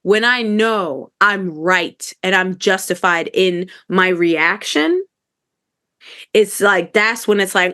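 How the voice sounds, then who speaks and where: A woman's voice: medium pitch, slow, sharp tone. A woman co-hosting a podcast in casual chat, telling stories candidly and animatedly, with some swearing. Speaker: podcast co-host.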